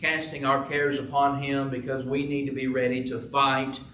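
Earnest preacher in an echoey church. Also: male voice, medium pitch, level tone, normal speed, pushed and bright, a little hiss or hum. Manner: emphatic, rising to stress key words. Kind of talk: sermon. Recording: echoey room, from far off.

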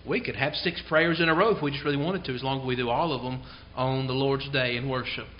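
A man preaching a sermon in a church service, earnest and emphatic, slowing down to stress key phrases. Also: mid-range voice, steady tone, a little hiss or hum. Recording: dull lo-fi sound.

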